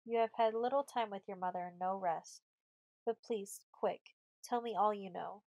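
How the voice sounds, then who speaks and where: A woman's voice: medium pitch, moderate pace, a little mellow, highs cut off, natural voice. A woman reading an audiobook voices a brave fourteen-year-old girl who gives orders in a commanding way. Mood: anxious.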